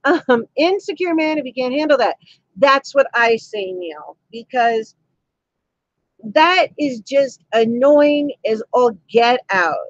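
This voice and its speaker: A woman's voice: sits high, lively intonation, slow, no room sound, muffled recording. A woman hosting a live stream from home, chatting cheekily with viewers, laughing often as she reads their comments. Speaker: livestream host. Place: indoors at home. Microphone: camera mic.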